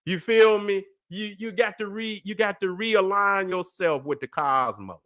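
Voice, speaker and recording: A man's voice: sits high, a little slow, a bit bright. A man hosting a livestream, lecturing in a preachy way, profane and emphatic, always checking that listeners follow him. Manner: profane, emphatic, constantly asks "you see what I'm saying". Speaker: livestream host.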